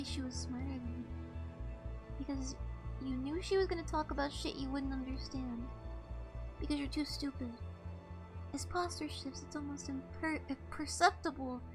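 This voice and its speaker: A woman's voice: high voice, close to an everyday voice. A woman reading aloud the lines of a male taxi passenger who taunts the driver with needling, teasing questions. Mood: scornful.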